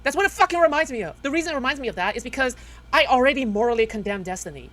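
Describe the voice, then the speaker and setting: A woman's voice: high voice, expressive, racing, a bit bright. A woman streamer ranting heatedly to her chat, swearing often and tagging nearly every sentence with "okay?". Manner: heated, profane, repeats "okay?" constantly. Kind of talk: livestream reaction rant.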